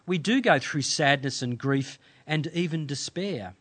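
A man preaching a sermon, reading scripture in measured, earnest phrases with deliberate pauses. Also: fairly high pitch, animated, a bit bright. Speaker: pastor.

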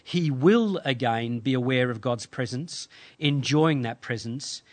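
A man preaching a sermon, reading scripture in measured, earnest phrases with deliberate pauses. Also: medium pitch, animated. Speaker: pastor.

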